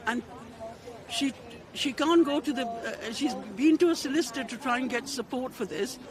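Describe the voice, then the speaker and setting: A mother giving an urgent, indignant speech outdoors at a street protest, with halting restarts. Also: high-pitched. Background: crowd noise.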